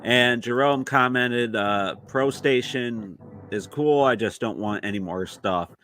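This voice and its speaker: A man's voice: medium pitch, measured pace, a bit bright, slight background noise. A man hosting a retro gaming podcast, talking in a laid-back way with lots of fillers. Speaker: podcast host. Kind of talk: casual chat.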